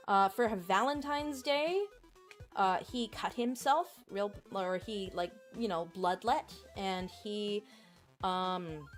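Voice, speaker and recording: A woman streamer chatting casually and candidly, rambling with lots of fillers. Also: mid-range voice.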